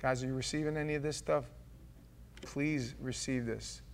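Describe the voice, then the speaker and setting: A man's voice: mid-range voice, steady tone, normal speed. A male pastor preaching a conversational, emphatic sermon, often turning directly to his congregation.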